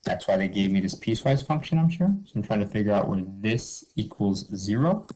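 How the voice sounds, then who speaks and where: A man's voice: fairly low pitch, expressive, fairly quick, mellow, slight background noise, low-quality recording. A man teaching a math review lesson, upbeat and informal, talking through each step and asking himself questions. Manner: upbeat, explains step by step, asks and answers his own questions; informal, says okay and cool a lot.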